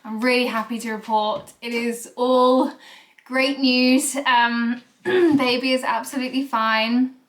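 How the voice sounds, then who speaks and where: Young woman chatting to camera, fairly high voice, rambly with lots of ums. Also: steady tone, takes it slowly, a bit bright. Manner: chatty, rambling with fillers and restarts. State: out of breath. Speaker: vlogger. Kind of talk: casual chat to camera.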